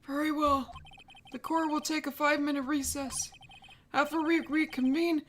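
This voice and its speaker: A woman voicing an elderly male judge who speaks in a formal, measured way. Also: high voice, little pitch movement, a bit bright, a little hiss or hum.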